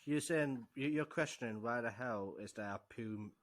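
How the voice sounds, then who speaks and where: Podcast guy teasing his mates, mock stern ribbing, mid pitch. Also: moderate pace. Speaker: podcast co-host. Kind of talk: casual comedic banter. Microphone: podcast mic in a live online session.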